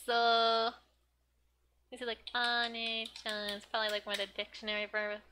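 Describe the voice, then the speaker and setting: A young woman teaching Japanese from a manga in a chatty, giggly way, full of "like", sometimes muttering softly as she looks up words. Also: mid-range voice, little pitch movement, a little fast, background noise. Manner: chatty, giggly, filler-heavy with frequent "like". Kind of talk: casual manga study lesson.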